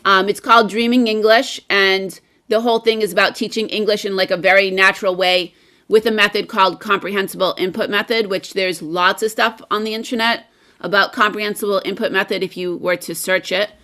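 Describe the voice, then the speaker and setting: Bright, upbeat American woman. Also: medium pitch, steady tone, brisk. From United States. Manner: enthusiastic, rambling with fillers. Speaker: guest English teacher. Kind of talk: casual video-call chat.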